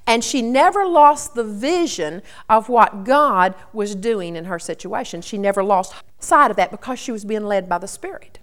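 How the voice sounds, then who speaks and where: A woman's voice: medium pitch, animated, moderate pace, few pauses. A woman preaching a sermon in an earnest, storytelling teaching tone.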